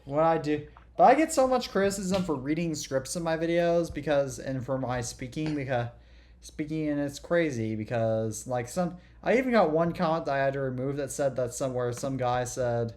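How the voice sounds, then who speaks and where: A man's voice: on the high side, normal speed, darkish tone. Young man from the American Southeast. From southeastern United States. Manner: leans hard on words, drags out word endings. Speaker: podcast guest. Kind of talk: casual chat.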